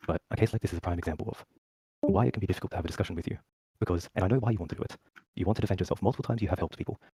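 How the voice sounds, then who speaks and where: Man, very low husky voice, calm, measured, quick talker. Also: no room sound, low-quality recording. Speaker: mediator in group call. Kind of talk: voice-chat discussion.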